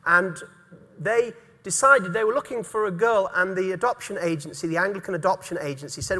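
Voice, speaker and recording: A man's voice: high-pitched, fairly quick, pushed and bright, in a large hall. A middle-aged man from England, preaching a sermon earnestly and repeating key words for emphasis. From North East England. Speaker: pastor.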